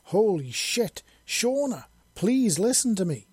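A man's voice: fairly high pitch, little pitch movement, normal speed, dark tone, no room sound, pitched above the performer's own voice, close to an everyday voice. A man voicing an injured young woman who speaks weak and wheezing but still angry in a fantasy audiobook. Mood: panicked.

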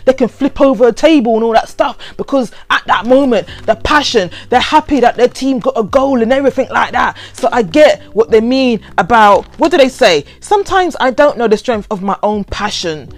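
A woman, casually reading out and reacting to overheard quotes, animated and given to laughing and playful drama. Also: a little high, brisk, few pauses. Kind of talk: casual chatty commentary.

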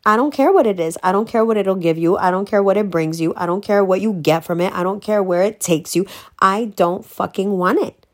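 A woman ranting bluntly in a casual monologue, profane and emphatic, swinging between slow stressed words and fast bursts. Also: medium pitch. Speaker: vlogger.

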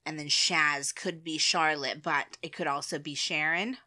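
An American woman co-hosting a podcast, chatting casually, laughing often and explaining things slowly. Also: deep voice, fairly even intonation, pushed and bright. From United States. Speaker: podcast co-host. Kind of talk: casual chat.

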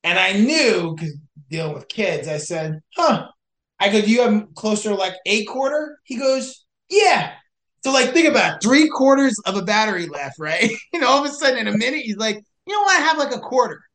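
Young male podcast guest, animated storyteller, roomy echo. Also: sits high, moderate pace. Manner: animated, acts out both sides of dialogue. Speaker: podcast guest, search and rescue hiker. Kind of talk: casual storytelling.

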